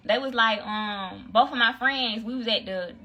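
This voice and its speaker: A young woman telling a casual story on a phone livestream, acting out the voices of the people in it. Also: normal speed. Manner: animated storyteller, acts out voices, swings high for quoted friends.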